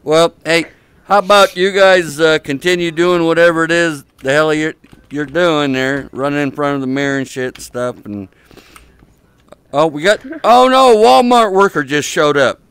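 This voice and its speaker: A man's voice: a little high, normal speed, fairly bright tone, smooth, dry recording. A man giving casual joking commentary while chatting in a social VR game room, teasing strangers with crude banter through a headset mic. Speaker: VR chat YouTuber.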